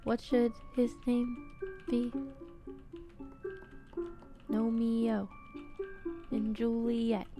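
A young woman streaming a horror game, chatting playfully and cooing to an in-game companion, swinging from quiet muttering to excited squeals. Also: on the high side. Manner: playful, talks baby-talk to a game companion. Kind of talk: casual gameplay commentary.

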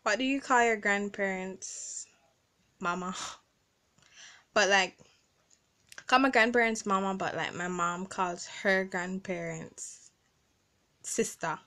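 A woman's voice: mid-range voice, takes it slowly, pauses often, pushed and bright. A young woman from the Caribbean with a Caribbean English accent, chatting casually in a vlog recorded on her phone and reading out word lists. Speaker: vlogger.

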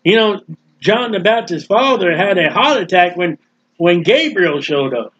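A male preacher giving a lively, jokey sermon and acting out scenes, on a dull lo-fi recording. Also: sits high, unhurried, slightly rough. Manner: animated, jokey, acts out scenes. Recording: dull lo-fi sound.

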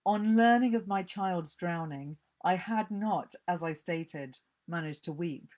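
A woman's voice: on the low side, measured pace, a little mellow, natural voice. A woman reading aloud the voice of a caustic, scornful middle-aged mother from a short story, with a dry, cutting delivery.

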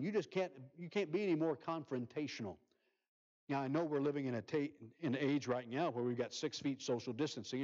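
A male pastor preaching a sermon, reading scripture aloud and swinging from loud emphasis to soft near-whispers. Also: on the high side, muffled recording.

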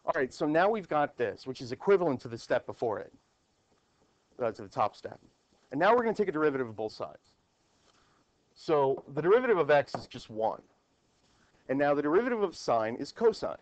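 A man's voice: a little high, sing-song, brisk, long pauses. A man teaching a math class at the board, explaining step by step and asking his students questions.

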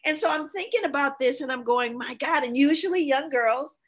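Woman guest with a high voice, earnest, telling stories about people she worked with. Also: moderate pace. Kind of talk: casual conversation, recounting experiences.

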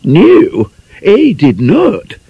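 A man's voice: on the high side, wildly swooping pitch, slow pace, breathy edge, no echo, pitched above the performer's own voice, exaggerated voice. A man voicing a prim, affected lady. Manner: genteel, mannered speech. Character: affected, prim middle-class woman, easily shocked. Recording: dull, muffled audiobook recording.

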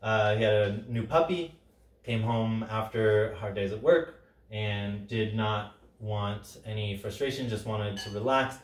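A man's voice: lowish voice, measured pace. A man leading a workshop, talking casually and acting out the quoted lines with a lot of energy. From Sicilian background. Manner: animated, acts out quoted lines loudly, frequent "right?". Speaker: workshop facilitator. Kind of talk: workshop talk. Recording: roomy, from a distance.

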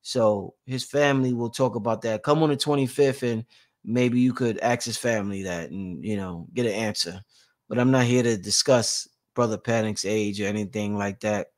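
A man hosting a casual livestream, reading out chat shout-outs and talking informally, often repeating himself and swinging between loud and quiet. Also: lowish voice. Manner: informal, drawn-out, repeats phrases. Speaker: livestream host.

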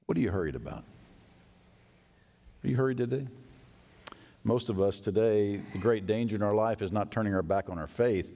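A male pastor preaching a sermon in a church, animated and acting out the voices of people in the story. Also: lowish voice, moderate pace, pauses often. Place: church sanctuary. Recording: long church hall reverb.

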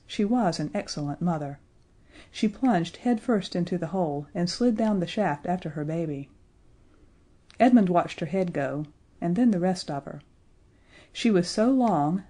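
A woman narrating a children's audiobook in a gentle, expressive way. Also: on the low side.

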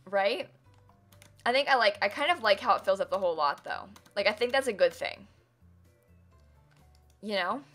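A young woman streamer with a bright, forward voice that stays bubbly and chatty. She talks casually to her audience, laughing often and thanking viewers warmly. Soft background music and keyboard clicks sit behind her. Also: medium pitch, animated, normal speed, pauses often. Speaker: game streamer. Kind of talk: casual live-stream chat. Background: faint music and keyboard typing.

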